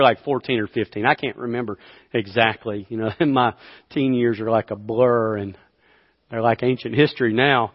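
A man in his fifties preaching a sermon, mid-pitched and storytelling, dropping to near whispers and rising to loud bursts as he laughs at himself. His voice rings out in a large hall with a long, lingering reverb. The sound is somewhat dull and muffled. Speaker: pastor.

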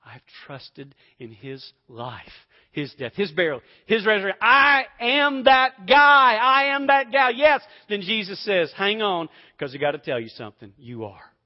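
Dramatic high-voiced preacher man. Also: animated, measured pace, muffled recording. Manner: swings from loud emphatic bursts to soft near-whispers. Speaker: pastor. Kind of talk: sermon.

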